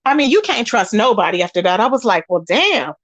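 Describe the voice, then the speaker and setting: A woman commentary channel host with a high, bright voice talks fast and straight to her viewers, recounting online drama in a casual way. She tells it animatedly, acting out the voices of the people she quotes. The sound is dry and close, with no echo or room around it.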